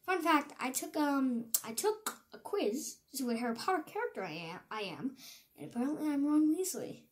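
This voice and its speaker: A woman's voice: high voice, a little fast. Rambling young American girl, echoey room. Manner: rambling and excitable, self-interrupting. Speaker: movie reviewer. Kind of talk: casual movie review.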